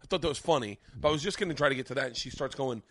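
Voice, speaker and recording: A male comedian telling a wild story on a podcast, swearing freely and breaking into loud laughter. His voice sits at an ordinary middle pitch. The sound is dry and close, with no room around it. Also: rapid-fire, no echo. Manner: profane, animated storyteller, loud bursts of laughter. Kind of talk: casual storytelling chat.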